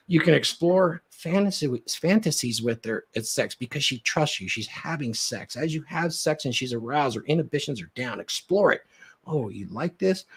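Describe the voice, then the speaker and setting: A man talking as a dating coach on a podcast, animated and acting out little scenes as he explains. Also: fairly high pitch, husky. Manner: animated, acts out quoted lines. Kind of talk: podcast chat.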